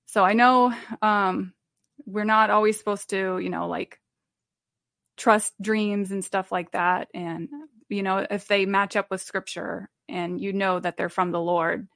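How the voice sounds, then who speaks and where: Woman guest, gravelly fry, dry close sound, earnest rambling testimony. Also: medium pitch, little pitch movement, measured pace, a bit bright, no room sound. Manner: earnest, rambling with many fillers and restarts. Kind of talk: sharing a personal faith testimony.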